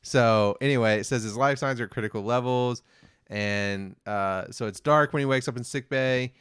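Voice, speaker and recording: At normal speed and mid-range pitch, his clear, resonant voice comes through at studio quality with no echo. He's one of the hosts of a review podcast, loosely rambling through what happened in an episode with plenty of fillers and flat quotes from the characters.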